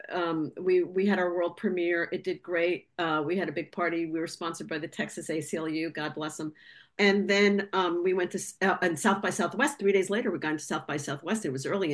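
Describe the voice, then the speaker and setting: A woman filmmaker telling a lively story on a video call, talkative and animated, acting out the voices of people she quotes. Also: fairly low pitch. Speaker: documentary filmmaker, guest.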